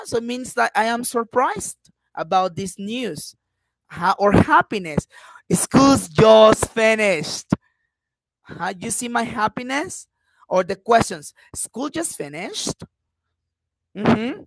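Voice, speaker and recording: A woman for whom is not a teaches an online class, pausing often with little "uh-huh" checks. Her voice sits at a middling pitch. The sound is dry and close, with no room around it. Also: dry recording. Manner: frequent "uh-huh" check-ins, repeats example sentences with acted intonation. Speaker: English teacher.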